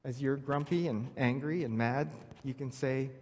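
A man's voice: mid-range voice, normal speed, few pauses, darkish tone. A man preaching a sermon, telling a scripture story with wry humor and reading verses aloud. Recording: long reverb of a large hall.

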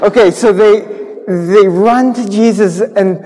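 A pastor telling a Bible story to children in church, animated, acting out sound effects. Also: male voice, high voice, slow. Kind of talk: children's sermon. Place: church sanctuary. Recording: long church reverb.

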